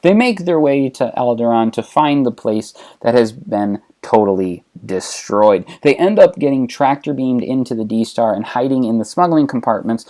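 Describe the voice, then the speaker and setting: A man's voice: medium pitch, animated, moderate pace, few pauses, dark tone. A man telling a comedic retelling of a space saga in a casual, offhand way. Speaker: host and narrator. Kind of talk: comedic storytelling narration.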